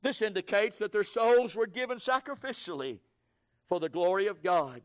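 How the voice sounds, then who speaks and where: High-pitched preacher swinging to shouts. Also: male voice, animated. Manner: rising from low, quick delivery to shouted fervent proclaiming. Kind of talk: sermon.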